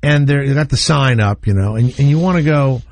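A man's voice: mid-range voice, a little fast, a little mellow, no echo. A male radio show host talking casually, blunt and opinionated, with a rambling way of speaking.

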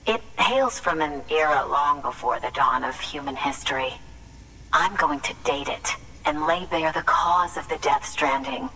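A grandiose eccentric scientist, deep and distant. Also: female voice, unhurried, sharp tone, heavily acted. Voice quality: pompous, theatrical. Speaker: game character. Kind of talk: video game voice acting. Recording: distant game audio with faint noise.

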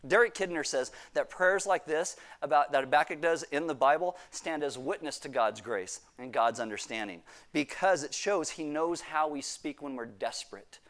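A pastor preaching a sermon, reading scripture and acting out quoted prayers with sudden bursts of emphasis. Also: male voice, fairly high pitch, normal speed, hardly any pauses, fairly bright tone.

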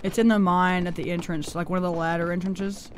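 A woman's voice: lowish voice, flat delivery, brisk. A woman hosting her gaming channel, chatting and teasing a friend over a headset while she plays. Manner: giggly, teasing, laughs often. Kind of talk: casual gameplay chat.

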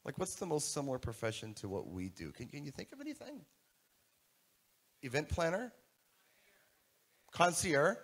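A man's voice: a little high, normal speed, long pauses, breathy edge. A man giving a live keynote talk to a conference audience, asking the room questions as he goes. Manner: animated, asks the audience questions. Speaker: keynote speaker.

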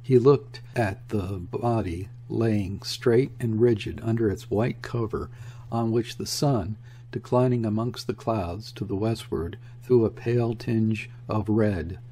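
Low, mellow male audiobook narrator. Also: measured pace, a little hiss or hum. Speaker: audiobook reader. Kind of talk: audiobook narration of a classic novel.

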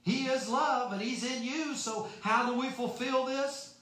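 A man's voice: extremely high pitch, a little slow, a bit bright. A man preaching a sermon in a folksy, emphatic way, asking rhetorical questions. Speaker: pastor. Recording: very echoey room.

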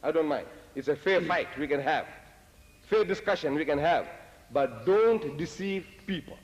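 An older man giving a religious lecture, telling lively, humorous stories and dropping Arabic phrases. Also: fairly high pitch, moderate pace, muffled recording. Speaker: Islamic lecturer. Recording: echoey lecture hall.

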